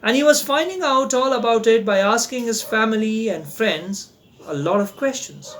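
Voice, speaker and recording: A man's voice: very high voice, animated, moderate pace, a bit bright, a little hiss or hum. A man reading a classic children's story aloud as narrator, sing-song and explaining words for young listeners.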